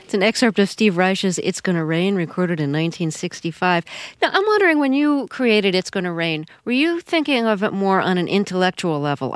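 Woman, radio host, lowish voice, measured inquisitive questions, dry studio. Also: dry recording. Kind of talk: radio interview.

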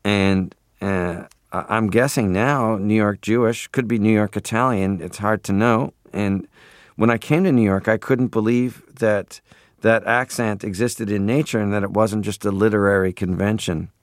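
A man's voice: lowish voice, fairly even intonation, moderate pace, dry recording, clean studio sound. A man in his forties from Canada, a radio interview guest who talks in a playful, rambling way and keeps slipping into voices. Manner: playful, rambling, drops into voices and foreign phrases.

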